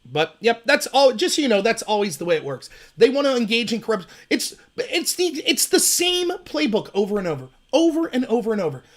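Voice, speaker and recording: Talking briskly and very animatedly with hardly a pause, this man hosts a political livestream on his own. He rants with emphasis, sarcastically mimics his opponents in shrill, high-pitched voices, and reads chat messages aloud before responding to them.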